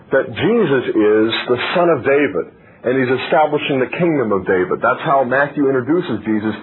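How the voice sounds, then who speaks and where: A man teaching from the Bible in an earnest, lively way, reading passages aloud and then explaining them. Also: medium pitch. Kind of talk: recorded Bible talk. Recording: tinny lo-fi radio broadcast with faint hiss.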